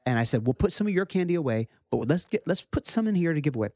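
A man in his thirties, a pastor, telling a story in casual chat, his voice rising high when he quotes his children. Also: rapid-fire, no room sound, studio quality. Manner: animated, rises high when quoting his kids.

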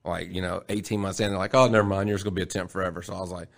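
Fast-talking gravelly guy. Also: low-pitched, little pitch movement. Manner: fast, laughing, crude, says "bro" and "dude". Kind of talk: casual storytelling chat.

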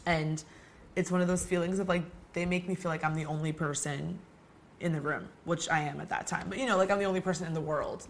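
A woman hosts her own podcast alone, talking in a loose, rambling way packed with fillers. Her voice sits a little low, and her throat is sore. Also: gravelly, slight background noise. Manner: chatty, heavy use of "like" and "um". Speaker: podcast host. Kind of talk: casual solo podcast rant.

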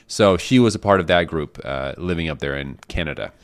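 A man co-hosting a podcast, speaking earnestly and in a measured way. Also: a bass voice, lively intonation, no room sound. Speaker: podcast co-host. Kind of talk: casual chat.

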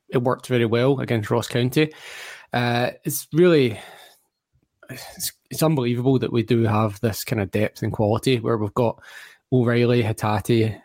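A man's voice: mid-range voice, a little mellow, no room sound, clean studio sound. A man from Perth, a guest on a football podcast, talking eagerly and rambling with restarts. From Australia. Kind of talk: casual football podcast chat.

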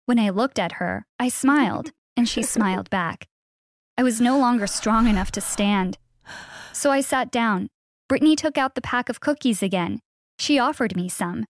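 A young woman telling a first-person story in an earnest, steady read. Her voice sits fairly high, and the recording is very dry and close with no room sound. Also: normal speed, dry recording. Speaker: narrator.

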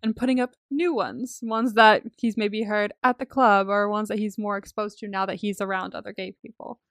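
A woman's voice: medium pitch, steady tone, normal speed, dry recording, clean studio sound. A young woman co-hosting a casual movie recap podcast, chatty and full of fillers, laughing often. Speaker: podcast co-host.

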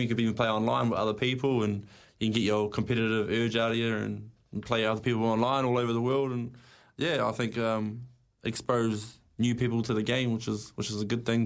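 Laid-back New Zealand darts player, man. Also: mid-range voice. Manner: relaxed, laid-back, says mate. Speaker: darts player, studio guest. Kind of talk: casual radio interview. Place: radio studio.

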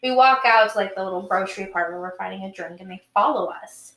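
A woman's voice: medium pitch, fast, a bit bright. A woman co-hosting a podcast, telling a story animatedly with many fillers and some swearing. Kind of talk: casual storytelling chat. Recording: echoey room.

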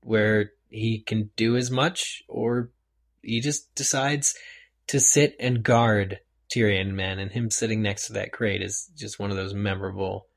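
A man co-hosting a casual podcast discussion, talking in an animated way that rises when he gets excited. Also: fairly low pitch, a little slow, creaky. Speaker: podcast co-host. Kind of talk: casual chat.

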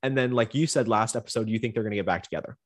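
A man's voice: lowish voice, racing, no echo, studio quality. A man co-hosting a podcast, teasing and arguing in a casual chat over a video call. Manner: teasing, animated, argumentative. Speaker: podcast co-host.

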